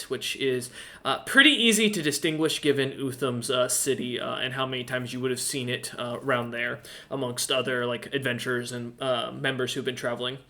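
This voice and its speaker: A man's voice: medium pitch, pushed and bright. A man narrating as game master in a tabletop game, hesitant with many fillers. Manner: hesitant, lots of ums and uhs.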